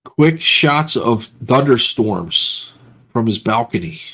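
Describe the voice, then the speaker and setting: A man talks casually and teases in a light way. His voice sits at an ordinary middle pitch. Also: animated, slow pace, pushed and bright. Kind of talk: casual chat.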